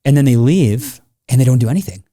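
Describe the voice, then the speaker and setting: A middle-aged man hosts a casual podcast chat. His voice is dark and mellow, and he tells his stories with energy, slipping into the voices of the people he quotes. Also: mid-range voice, quick pace. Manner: animated storyteller who acts out people he quotes. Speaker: podcast host.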